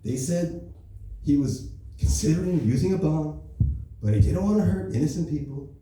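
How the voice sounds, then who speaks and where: Male comic at an open mic, dark mellow voice, very echoey club, heard from afar. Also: a little high, animated, normal speed, distant mic, a little hiss or hum. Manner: loose, offhand, full of "right?" and "you know". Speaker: stand-up comedian.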